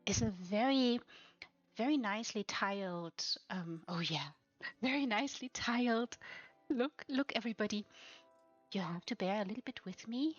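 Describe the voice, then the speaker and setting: A woman streaming a tour of player-built houses, gushing with breathy exclamations and soft whispers between her remarks. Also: medium pitch, lively intonation, measured pace. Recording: slightly dull lo-fi sound with faint music behind.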